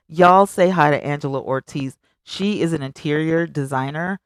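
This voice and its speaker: With a clear, resonant tone, a woman talks at a moderate pace with few pauses while hosting a live stream and reading viewer comments aloud. Animated and emphatic, she rises high on exclamations and chats directly with viewers. Dry recording, studio quality.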